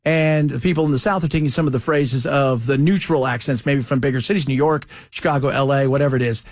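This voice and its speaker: A man hosting a talk radio show, chatting casually in an animated, teasing, storytelling way. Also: medium pitch, fast talker, dry recording, clean studio sound.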